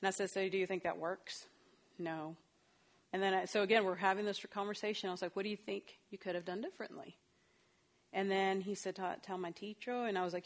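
A woman's voice: medium pitch, fairly even intonation, a little fast. A woman counselor giving a talk on parenting, telling stories from her own family in a chatty way and acting out the dialogue. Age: adult parent of a young child.

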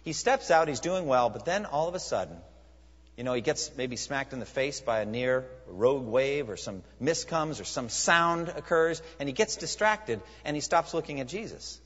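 A male pastor preaches in a lively, swooping voice, pressing his listeners with rhetorical questions. He pauses for effect and leans hard on key words. The sound is muffled and carries a long hall reverb. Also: mid-range voice. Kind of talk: sermon.

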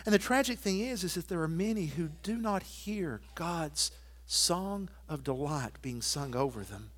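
A man preaching a sermon, quoting scripture and hymn lines and moving from loud emphatic declarations to soft, intimate asides. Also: on the high side, expressive, measured pace. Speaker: pastor.

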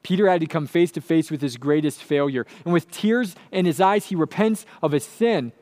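A male pastor delivering a sermon with an earnest, emphatic drive. His voice sits on the higher side for a man, and he leans on repetition to drive home each point. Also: moderate pace, hardly any pauses, darkish tone. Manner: earnest, emphatic, repeats key phrases.

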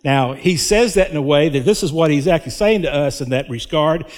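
A man preaching a sermon as a pastor, slow and emphatic, with dramatic pauses. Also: a little high, lively intonation. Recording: long hall reverb.

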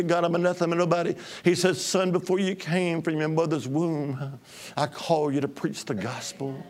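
A man from Alabama preaching his testimony as an evangelist, exuberant, shouting and breaking into tongues. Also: high voice. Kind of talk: testimony sermon.

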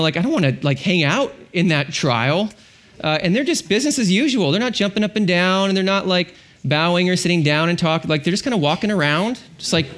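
High-voiced man preaching a lively sermon. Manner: animated storytelling, acts out biblical characters. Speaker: pastor.

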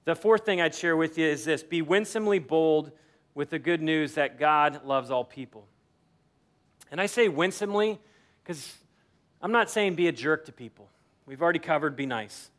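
A man preaches a sermon in a relaxed, conversational way. His voice sits high, and he slips into little acted-out snippets of everyday talk to make his points. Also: moderate pace. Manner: conversational preaching, acts out quoted dialogue. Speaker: pastor.

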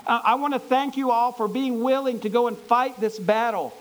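A man playing Gideon, an anxious but eager army leader, who speaks in excited, pleading questions. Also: extremely high pitch, moderate pace, voice pushed up, poor audio. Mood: commanding.

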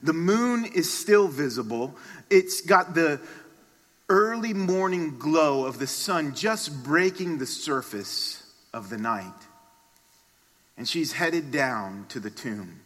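A man preaching a sermon, telling a story dramatically and swinging from hushed passages to loud ones. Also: a little high, lively intonation, slow. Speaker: pastor. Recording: long reverb of a large hall.

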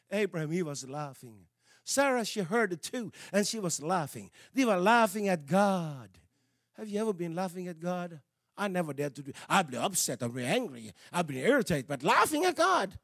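A man preaching a sermon, animated, moving from quiet asides to shouts, with halting repeats and slightly non-native phrasing. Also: high voice, no room sound, studio quality.

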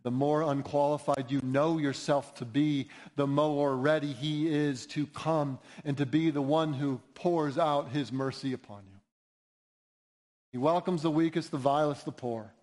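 Earnest preacher, a man with a high-set voice. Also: fairly even intonation, a little slow, darkish tone. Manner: earnest, emphatic preaching with rising appeals. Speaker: pastor. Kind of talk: sermon.

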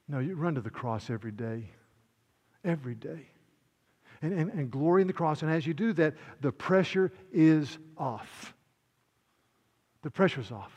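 A man preaching a sermon as pastor, swinging between loud proclamation and hushed, intimate asides. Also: on the high side, animated, normal speed, pauses often, long reverb tail.

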